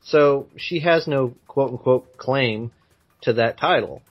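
A man's voice: mid-range voice, slow pace, highs cut off, soft background music. A man co-hosting a casual podcast, giving his views with many "you know" fillers. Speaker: podcast co-host. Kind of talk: casual chat.

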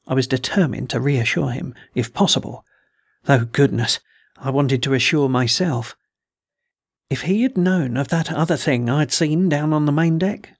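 A man narrates an audiobook with a gravelly, textured voice at a middling pitch. His reading is measured and steady, in the manner of a practised storyteller. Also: no room sound, studio quality. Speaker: audiobook reader and podcast host.

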